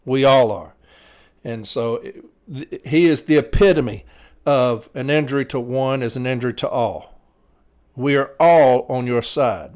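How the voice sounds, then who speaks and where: A man's voice: mid-range voice, measured pace. A man, a city letter carrier hosting a podcast, delivering a blunt, profane, fired-up monologue while tired. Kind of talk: casual opinion monologue.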